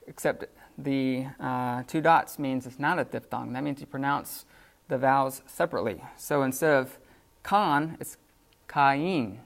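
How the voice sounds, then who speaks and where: A man's voice: a little high, gravelly. A man teaching a beginner Greek class in a classroom, explaining casually with lots of fillers and restarts. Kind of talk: unscripted classroom lecture.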